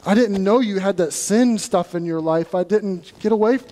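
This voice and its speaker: A flustered, stammering God, as a preacher puts him on, shrill and far above a man's usual pitch. The comic panic rings with long reverb through a large church. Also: normal speed, warm tone, close to an everyday voice. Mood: surprised. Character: startled flustered God caught off guard.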